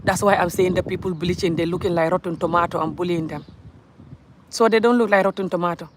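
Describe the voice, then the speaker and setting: A woman's voice: lowish voice, fairly even intonation, quick pace, noisy background. A woman from Gambia with a Gambian accent, talking bluntly and emphatically to camera in a vlog rant, often breaking into laughter. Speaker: vlogger. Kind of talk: ranting vlog monologue.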